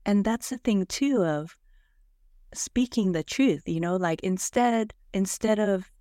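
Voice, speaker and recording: A woman's voice: mid-range voice, slow, dry recording, studio quality. A woman in her sixties, a podcast guest, talking reflectively and thoughtfully about personal experience. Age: 60s. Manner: thoughtful, soft-spoken, with light laughs.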